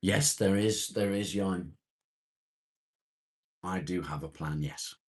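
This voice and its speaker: Very deep husky man chatting. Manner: unhurried, rambling, greets chatters by name. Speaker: live-stream host reading viewer comments. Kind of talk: casual morning live chat.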